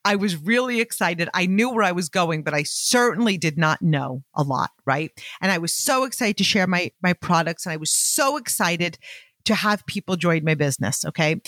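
A woman telling lively personal business stories in a motivational talk, acting out the dialogue and speaking straight to her listeners. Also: lowish voice, moderate pace, no echo. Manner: animated, acts out quoted dialogue, addresses listeners as "you guys". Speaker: network marketing business owner.

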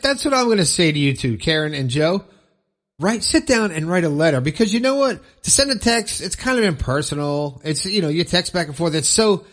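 A man hosting his podcast, chatting casually and upbeat, rambling a little and chuckling at his own jokes. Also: fairly high pitch. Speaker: podcast host. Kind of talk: casual podcast chat with ad reads.

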